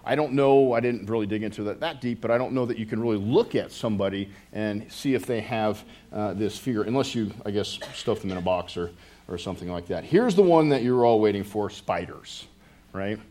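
A man's voice: on the low side, a little fast, dark tone. Man, middle-aged, pastor, informal sermon, rambling restarts, joking asides. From United States. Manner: rambling, self-interrupting, with joking asides to the congregation. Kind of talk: casual conversational sermon.

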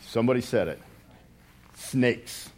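A man's voice: medium pitch, measured pace, darkish tone. A middle-aged man from the United States preaching a casual sermon, rambling with many restarts and joking asides to his congregation. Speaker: pastor.

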